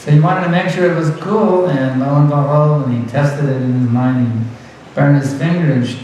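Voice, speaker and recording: A man's voice: on the high side, steady tone, normal speed, a little mellow, heavy reverb, far from the mic, slight background noise, low-quality recording. A man giving a devotional lecture as a spiritual teacher, earnest and repeating words for emphasis, with light laughs.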